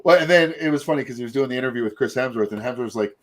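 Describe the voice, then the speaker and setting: A man's voice: medium pitch, racing. Chatty middle-aged man. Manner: rambling, chatty, full of fillers and asides. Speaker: podcast host. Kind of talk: casual chat.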